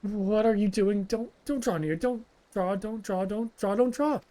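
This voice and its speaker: A man's voice: high voice, unhurried, mellow, pitched above the performer's own voice. A man voicing a terrified male refugee in a game, speaking frantically and repeating himself. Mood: panicked.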